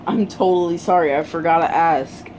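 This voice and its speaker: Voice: medium pitch, normal speed, darkish tone, a little hiss or hum, lightly acted, low-quality recording. A storyteller voicing a modest, earnest teenage boy hero in a fan retelling, close to their own voice.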